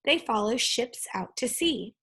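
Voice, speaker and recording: A woman voicing a gentle, grateful storybook dragon. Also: a little high, lively intonation, unhurried, slightly rough, exaggerated voice. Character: grateful male dragon, gentle and a bit anxious.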